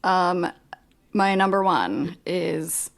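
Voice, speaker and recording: A woman co-hosting a podcast, chatting casually in an unhurried, hesitant way with lots of ums. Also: lowish voice, animated, vocal fry. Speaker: podcast co-host. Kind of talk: casual chat.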